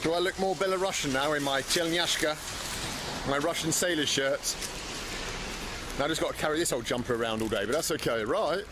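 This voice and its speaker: A man's voice: a little high, brisk. A man narrating a casual travel vlog to his handheld camera, chatty and wry, walking through town streets and later sitting in a bar. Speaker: travel vlogger. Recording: loud street noise from a video clip.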